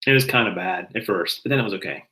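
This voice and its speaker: Casting note: middle-aged southern host, bright and forward tone, chatty, self-correcting. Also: male voice, on the low side, rapid-fire, poor audio. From American South. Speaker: reseller channel host. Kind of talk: casual chat.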